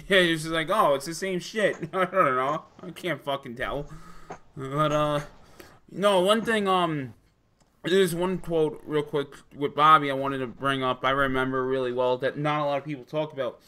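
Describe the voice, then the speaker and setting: A man's voice: a little high, moderate pace, bright, forceful tone. A man co-hosting a casual wrestling talk podcast, often laughing, swearing and trailing off mid-sentence. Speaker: podcast co-host.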